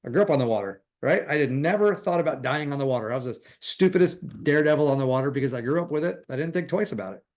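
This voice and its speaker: A middle-aged man teaching a real estate recruiting class in a casual, animated way, often playing out conversations. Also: mid-range voice, fast talker, few pauses. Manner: animated, acts out quoted conversations, chuckles often.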